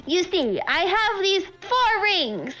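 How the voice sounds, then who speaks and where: Brief: woman playing a boastful goblin ringmaster, high-pitched and bouncy, bright and piercing. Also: sing-song, slow pace, exaggerated voice. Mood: showman bluster. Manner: grand, announcing like a stage host. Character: showy male goblin fire-juggling showman.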